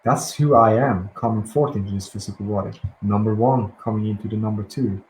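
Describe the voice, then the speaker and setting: Gentle man guiding slow breathing. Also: lowish voice. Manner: soft, slow and gentle, with calm pauses and restarts. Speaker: guided release teacher. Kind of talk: guided breathing and affirmation session. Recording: echoey room with faint ambient noise.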